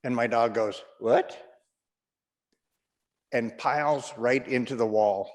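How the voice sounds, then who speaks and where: A man's voice: medium pitch, normal speed, long reverb tail. Man telling a stand-up story. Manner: rambling anecdotal storyteller. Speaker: stand-up comedian.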